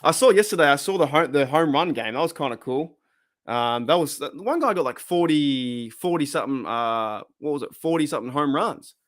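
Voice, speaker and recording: A man's voice: fairly high pitch, lively intonation, fairly quick, fairly bright tone. A man hosting a casual live-streamed fan podcast, rambling and reacting to chat comments. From Australia.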